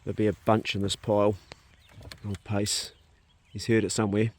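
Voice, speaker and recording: Male homesteader, relaxed vlog chat outdoors; talks to his animals; farm animals audible. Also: fairly low pitch, moderate pace. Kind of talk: casual outdoor vlog commentary. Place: outdoors on a rural farm paddock. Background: sheep and dogs nearby.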